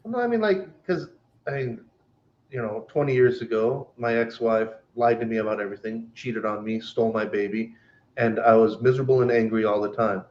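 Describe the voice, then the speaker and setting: A man's voice: mid-range voice, a little fast, a little mellow, highs cut off. A man co-hosting a podcast, telling stories bluntly with lots of swearing and acted-out quotes in casual chat. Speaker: podcast co-host.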